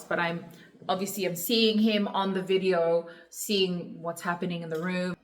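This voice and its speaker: A young adult woman telling a personal story in a reflective, emotional way, with many pauses, in a Q&A vlog. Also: on the low side, steady tone. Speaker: vlogger.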